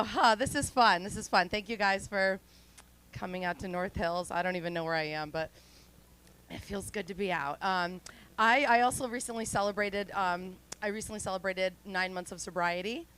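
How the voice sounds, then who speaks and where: A woman in her forties doing a stand-up comedy set, chatty and self-mocking, with deadpan throwaway asides. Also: mid-range voice, smooth, poor audio. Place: outdoor studio stage.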